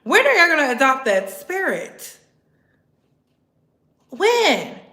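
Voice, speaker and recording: A woman's voice: high-pitched, big pitch swings, slow, pushed and bright, roomy sound. A woman vlogger giving mocking, sarcastic political commentary, repeating lines for emphasis and laughing between them.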